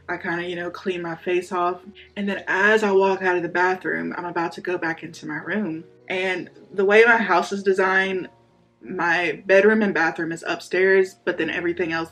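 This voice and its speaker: A man telling his personal faith story in a candid, casual way, his voice rising sharply when he acts out his own pleading. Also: sits high. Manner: candid, animated, voice rises sharply when reenacting pleas. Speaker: vlogger sharing a faith testimony.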